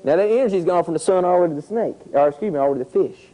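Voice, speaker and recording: A man, teaching a group of children outdoors, telling a lively story with sound effects. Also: high-pitched, very fast, rough recording. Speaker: environmental educator. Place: outdoors at a nature center.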